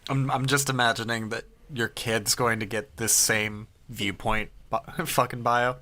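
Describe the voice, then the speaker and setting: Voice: mid-range voice, fairly even intonation, a little slow, bright, forceful tone. A podcast co-host in casual chat, joking playfully and mocking the others.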